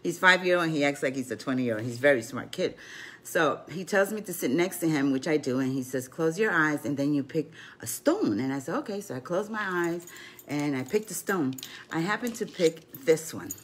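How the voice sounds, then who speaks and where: A woman's voice: sits low, lively intonation, moderate pace, a bit bright, breathy edge. An older woman and grandmother telling a rambling story between rune and card readings, full of "you know" asides, as a casual vlog.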